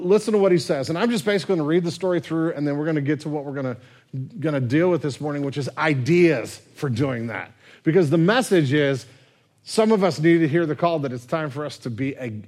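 A man preaching a sermon as pastor, relaxed and conversational, sometimes dropping his voice very low. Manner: conversational, drops to near whisper at tender moments.

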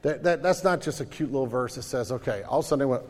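A man's voice: mid-range voice, fast, long reverb tail. A man, a pastor, preaching a conversational sermon and acting out voices in his stories.

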